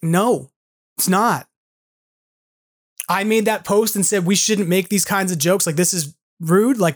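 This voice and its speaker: Earnest man in his forties ranting. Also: high voice. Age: 40s. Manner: earnest, frustrated ranting with many "like" fillers. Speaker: podcast host. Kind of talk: solo podcast monologue.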